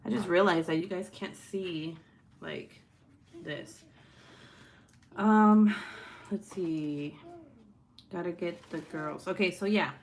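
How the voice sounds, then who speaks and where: Blunt, swearing young mom vlogging at home. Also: female voice, fairly low pitch, slow pace, pauses often. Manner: blunt, swears freely, laughs often, breaks off to scold her kids. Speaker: vlogger and mother. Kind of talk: casual talking-to-camera vlog. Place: at home, with children nearby.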